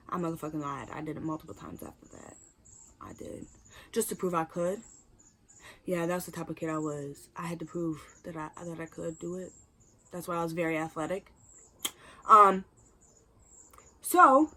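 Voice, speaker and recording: A woman's voice: mid-range voice, a little hiss or hum. A young woman vlogger telling a storytime, acting out the people in it and swearing casually. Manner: animated, acts out quotes, swears casually.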